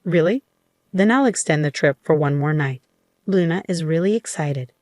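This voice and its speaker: A woman's voice: deep voice, lively intonation, normal speed, darkish tone, dry recording, studio quality. A woman voicing a selfish, deceitful husband in an offhand, casual way within a spoken story.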